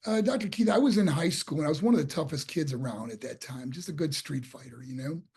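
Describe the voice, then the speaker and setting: A man's voice: on the high side, fast talker, breathy edge. A man from New York State, a guest and former boxer, telling his story in a casual interview and acting out the voices he quotes. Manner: animated storyteller who acts out quoted voices; repeats and restarts words when excited.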